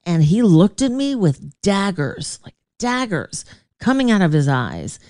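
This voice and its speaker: A woman's voice: medium pitch, very animated, measured pace, darkish tone, no echo, clean studio sound. A woman radio host telling a story in a casual, digressive way, often laughing and reacting to a live chat.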